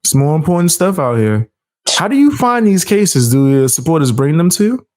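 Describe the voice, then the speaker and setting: A man's voice: on the high side, sing-song, moderate pace, a little mellow. A man hosting a casual interview, brash and self-assured, swearing freely. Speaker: host.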